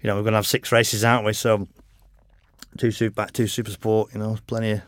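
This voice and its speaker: On the low side and flat in delivery, a middle-aged man talks fast as a podcast guest, a motorcycle racer telling rambling stories. He swears freely and laughs often in this casual interview chat, recorded with no echo.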